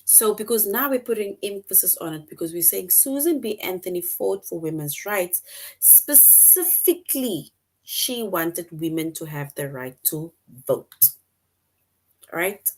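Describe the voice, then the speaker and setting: Slow, low-voiced woman teaching children. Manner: patient, checks in with frequent "right?"; reads sentences aloud slowly and clearly. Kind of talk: online lesson for children.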